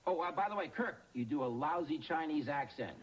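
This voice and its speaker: A man's voice: a little high, expressive, a little fast, very noisy, close to an everyday voice. Man playing a flustered, joking middle-aged guy. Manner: flustered, stammering jokes. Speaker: lead character. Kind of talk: sitcom acting. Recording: sitcom audio with studio audience laughing.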